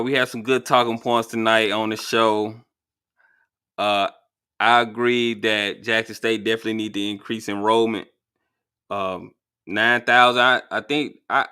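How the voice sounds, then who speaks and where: A man hosting a live call-in show, chatty and relaxed as he thanks callers and talks to his viewers. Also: on the low side, clear, resonant tone. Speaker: host.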